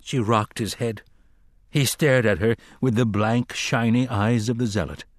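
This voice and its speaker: A man narrating a dark fantasy audiobook in a measured, dramatic reading. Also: mid-range voice, no room sound, clean studio sound. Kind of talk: scripted narration.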